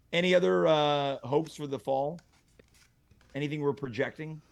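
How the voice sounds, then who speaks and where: A man hosts a relaxed chat show with a gravelly, creaky edge to his voice. His pitch sits a bit above the usual male range. He keeps the banter upbeat and teasing. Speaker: host. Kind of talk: casual chat show hosting.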